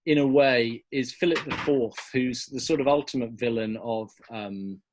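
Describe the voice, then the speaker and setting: A man's voice: medium pitch, normal speed, a little hiss or hum. Man, podcast guest, enthusiastic, casual, mid-range voice. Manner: chatty and enthusiastic, loose restarts. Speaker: guest historian.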